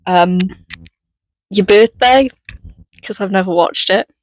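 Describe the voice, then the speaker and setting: A woman's voice: mid-range voice, slow, low-quality recording. A woman from Wales co-hosting a podcast, chatting casually and playfully, laughing often. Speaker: podcast co-host. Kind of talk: casual chat.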